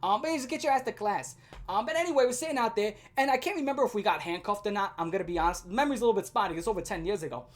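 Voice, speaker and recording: A woman's voice: mid-range voice, rapid-fire. A woman in her twenties telling a storytime rant in a casual, profane and self-mocking way.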